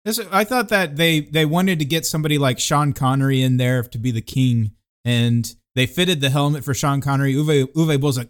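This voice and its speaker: A man co-hosts a movie review podcast in an easy, mid-pitched voice. He cracks jokes and keeps breaking into laughter mid-sentence. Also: steady tone, moderate pace, clean tone. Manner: jokey, laughs often while talking. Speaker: podcast co-host. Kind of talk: casual movie review chat.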